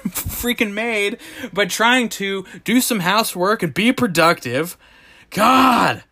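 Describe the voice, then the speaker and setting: Guy with a high voice ranting about his awful day, cussing every other word. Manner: profane, exasperated, animated storytelling. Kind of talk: comedic ranting monologue.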